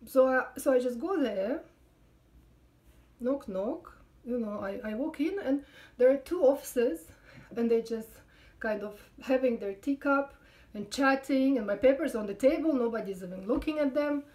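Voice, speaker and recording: Middle aged russian lady telling a funny story, chatty and wry, lots of ums, kinda high voice. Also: moderate pace, a little mellow. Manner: chatty, wry, hesitant fillers. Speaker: comedian. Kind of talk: sit-down comedy storytelling.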